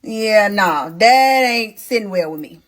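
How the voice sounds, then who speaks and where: A young pregnant woman hosting a casual storytime, telling her story in an animated, blunt way, swearing freely and talking straight to her viewers. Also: medium pitch, slow pace. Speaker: storytime host.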